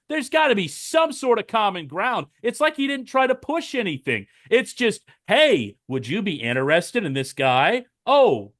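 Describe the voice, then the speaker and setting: A man's voice: sits high, sharp tone, no echo, studio quality. A man co-hosting a fan sports podcast, ranting and mocking with impressions and swearing in casual chat. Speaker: podcast co-host.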